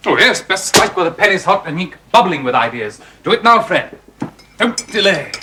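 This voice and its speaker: A pompous young writer, wordy, lively swooping voice, somewhat high, faint hiss, 1970s TV drama. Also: male voice, moderate pace. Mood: brisk. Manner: wordy and pompous, with fussy endearments. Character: eager young male writer, pompous, doting suitor. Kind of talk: 1970s television period drama.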